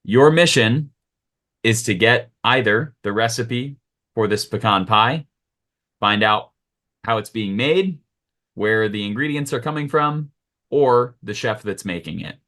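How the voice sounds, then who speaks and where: A low-voiced man running a tabletop fantasy game as game master. He sets each scene in a relaxed, storytelling way. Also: unhurried.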